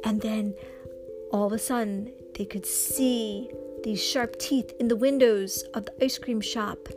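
A woman with a slightly high voice improvises a children's story, taking her time and performing booms and gasps with lots of expression. Clear music plays behind her the whole way through.

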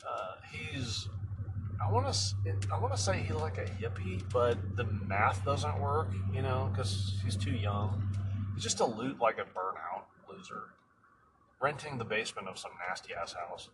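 A man's voice: mid-range voice, lively intonation, a little slow, distant mic, noisy background. A middle-aged man who hauls junk telling a wild job story in casual, profane, laughing style. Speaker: junk hauler.

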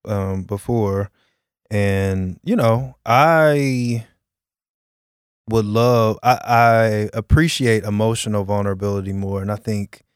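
A man with a fairly low voice co-hosts a casual chat. He talks slowly and thoughtfully. The recording is dry and close. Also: smooth, no echo. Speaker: podcast co-host.

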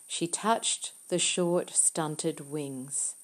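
Slow, mellow-voiced woman narrating. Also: lowish voice. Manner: measured, quiet storytelling. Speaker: audiobook narrator. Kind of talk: first-person audiobook narration.

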